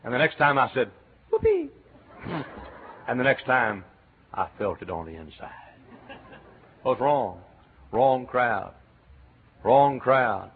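An older man with a Texan accent preaching a sermon, telling folksy stories and breaking into loud shouts. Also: medium pitch, expressive, takes it slowly, long pauses. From Texas. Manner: folksy storytelling, bursts into loud cheers and shouts. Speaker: Baptist pastor. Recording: tinny lo-fi sermon recording with faint hiss.

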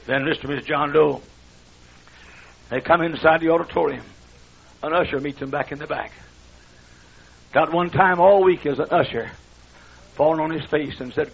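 A man's voice: high voice, normal speed, vocal fry, pauses often, breathy edge. A man preaching a fiery sermon, firing rhetorical questions at the congregation. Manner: shouting rhetorical questions, drawling Southern preacher cadence. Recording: dull lo-fi archival sermon recording.

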